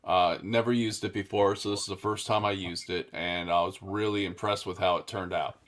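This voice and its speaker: A man's voice: sits low, fairly even intonation, brisk, fairly bright tone. A man co-hosting a casual hobby show, upbeat and enthusiastic, laughing often. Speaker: co-host of a model car customizing show. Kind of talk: casual chat.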